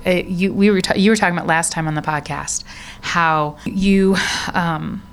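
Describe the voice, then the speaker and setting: A woman co-hosting a casual faith podcast, telling Bible stories with animated asides and many "you know"s. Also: on the low side, normal speed, a little hiss or hum. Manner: animated storyteller, reads scripture aloud, frequent "you know". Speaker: podcast co-host.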